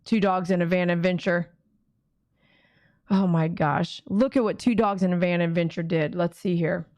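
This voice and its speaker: A woman pet groomer hosting a live fundraiser stream, chatty and excitable, gushing thanks to donors. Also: lowish voice, normal speed, no echo, clean studio sound. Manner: excitable, gushing thanks, sings repeated thank-you chants.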